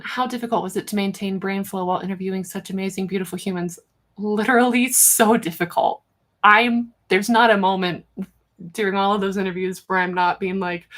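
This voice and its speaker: A woman hosting a casual live Q&A, rambling and chatty with lots of fillers and restarts, self-mocking and quick to giggle. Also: mid-range voice, fairly bright tone. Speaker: livestream host answering viewer questions.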